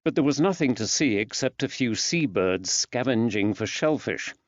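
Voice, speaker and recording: A man narrating an audiobook in a measured, even storytelling delivery. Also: medium pitch, dry recording. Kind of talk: scripted narration. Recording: dull dry studio sound.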